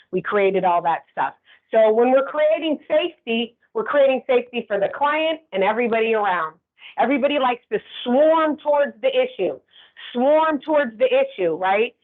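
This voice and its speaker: A woman instructor giving a conversational training lecture, often checking in with the class. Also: fairly high pitch. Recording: tinny phone-like sound.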